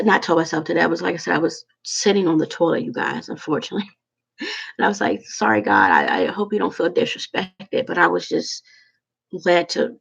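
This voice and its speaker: A woman talking to her viewers in a rambling, halting, heartfelt way about prayer and loneliness. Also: lowish voice, creaky, breathy edge, muffled recording. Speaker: vlogger. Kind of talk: casual heartfelt monologue.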